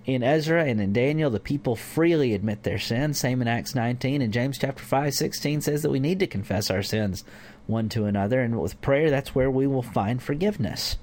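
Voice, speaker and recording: A man's voice: medium pitch, fairly quick, a little mellow. A man teaching a conversational Bible lesson to a church group, informal with fillers. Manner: informal, with fillers and acted-out examples.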